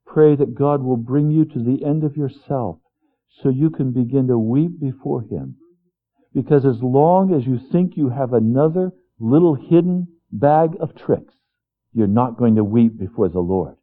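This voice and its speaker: A man preaching a sermon as pastor, earnest, swinging between hushed, quiet passages and fervent, raised ones. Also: medium pitch, measured pace. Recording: tinny phone-like sound.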